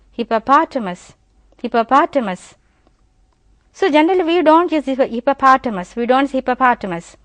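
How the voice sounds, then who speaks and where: A woman's voice: high voice, no echo. A woman teaching pronunciation, repeating each word several times and explaining to her students. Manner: slow drilling repetition of words; addresses students directly, explanatory. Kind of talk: classroom pronunciation lesson.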